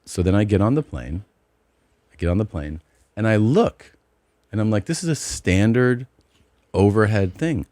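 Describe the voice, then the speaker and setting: A man's voice: fairly low pitch, animated, normal speed, long pauses, darkish tone, no echo. A man hosting a podcast, telling an indignant, profane story in casual chat. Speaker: podcast host.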